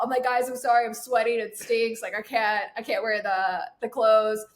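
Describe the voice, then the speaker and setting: A woman in her twenties with a fairly high voice speaks at a normal speed. She's a sales trainer appearing as a guest, telling a casual story in an animated way, acting out the quotes and laughing often.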